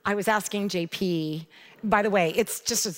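A middle-aged woman giving a devotional teaching, telling a personal story in a chatty, animated way. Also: mid-range voice, moderate pace. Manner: conversational storytelling, animated retelling. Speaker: Bible teacher.

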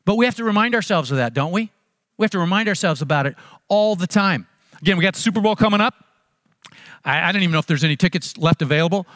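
Male pastor, high voice, dry close sound; chatty, storytelling sermon delivery. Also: animated, quick pace, fairly bright tone, dry recording. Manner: conversational storytelling, repeats words.

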